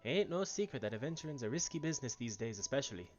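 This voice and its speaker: Man doing a folksy sea-trader voice, wandering Irish accent, lively, lo-fi sound, faint music behind. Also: medium pitch, rapid-fire, lightly acted. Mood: chatty. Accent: attempted Irish, drifting. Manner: folksy, slangy, wavering accent. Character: chatty male ship merchant, folksy. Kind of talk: reading game dialogue aloud.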